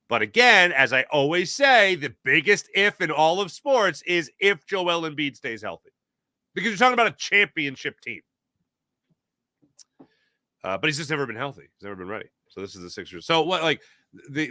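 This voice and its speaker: A man talking sports on his own show, his voice bright and forceful with a lively, swinging pitch. He speaks emphatically, tells stories with quick asides and answers live chat. The sound is close and dry. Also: dry recording. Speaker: sports talk show host. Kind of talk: casual sports talk, reading live chat.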